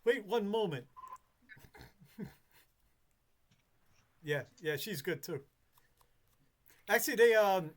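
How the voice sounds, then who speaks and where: A man in casual chat, rambling with frequent restarts and freely swearing. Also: on the high side.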